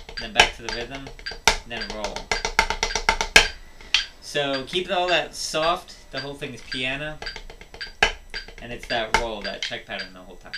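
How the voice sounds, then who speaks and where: In this drum tutorial, a man speaks at a measured pace with a medium pitch that swings dramatically, pausing often as he walks through each step and counts the rhythms aloud. Loud music and drum playing fill the background.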